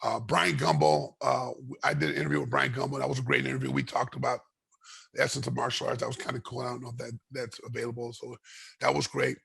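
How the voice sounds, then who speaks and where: Gravelly, raspy man telling a fight story. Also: mid-range voice, fast talker. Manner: animated storyteller, voices others in his story, repeats and restarts. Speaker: guest, retired fighter. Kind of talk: storytelling interview.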